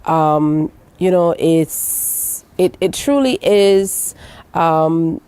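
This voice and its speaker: A woman hosting a morning TV show, measured and supportive, with frequent hesitant fillers. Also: low-pitched, dark tone, smooth. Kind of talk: TV interview.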